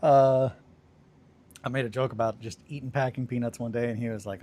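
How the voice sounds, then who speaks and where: A man's voice: mid-range voice, flat delivery, a little fast, mellow. A young man casually chatting with viewers on a livestream while he works on a hobby project, joking around and reading chat aloud. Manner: laid-back, joking, reads chat aloud.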